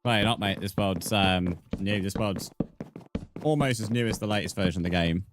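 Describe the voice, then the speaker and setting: A man's voice: fairly low pitch, moderate pace, background noise. A man chatting casually on a game live stream, bantering with viewers, swearing, and counting blocks aloud. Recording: background music under voice.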